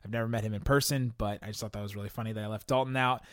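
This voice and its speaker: A man's voice: lowish voice, fairly even intonation, racing, clear, resonant tone, no echo, clean studio sound. A young man hosting a podcast, chatting casually through listener questions, rambling with frequent laughs and restarts. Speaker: podcast host.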